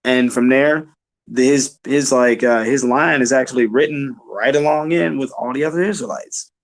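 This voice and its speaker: A man's voice: medium pitch, moderate pace. A man talking casually about scripture, rambling with lots of fillers and rhetorical questions. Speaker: vlogger discussing scripture.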